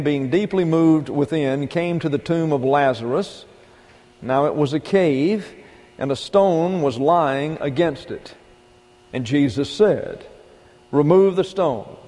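A man's voice: a little high, mellow, long reverb tail. A male pastor preaching a sermon in a folksy, emphatic way, asking rhetorical questions.

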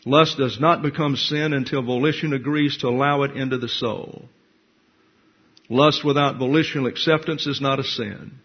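A man's voice: mid-range voice, fairly even intonation, normal speed, slightly rough. A man preaching a Bible class sermon, blunt and teacherly, reading scripture verse by verse and explaining it. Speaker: pastor. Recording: dull lo-fi recording.

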